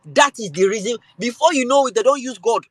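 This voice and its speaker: Heated Nigerian man with a bright voice. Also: extremely high pitch, fairly quick, dry recording, low-quality recording. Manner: switches between calm and loud, heated delivery. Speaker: show host. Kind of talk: impassioned political rant.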